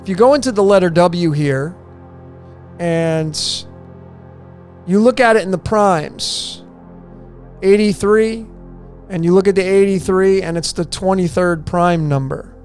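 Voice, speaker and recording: A man's voice: high voice, a little slow, long pauses, a little mellow, soft background music. A man presenting a conspiracy-style decoding video, emphatic and repetitive, firing off rhetorical questions and answering them himself.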